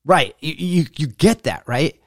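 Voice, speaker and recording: A man's voice: a little high, expressive, measured pace, no room sound, clean studio sound. A man coaching on fitness in a blunt, preachy monologue that mocks people's excuses. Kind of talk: motivational monologue.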